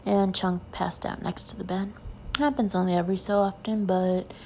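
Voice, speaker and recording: A woman narrating a humorous memoir audiobook with a dry, deadpan delivery. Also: medium pitch, moderate pace, lo-fi sound, a little hiss or hum.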